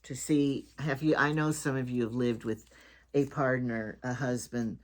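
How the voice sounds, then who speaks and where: A woman's voice: extremely low pitch, steady tone, unhurried. An older woman hosting her own home talk show, chatting in a rambling way and often restarting her sentences. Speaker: vlogger host.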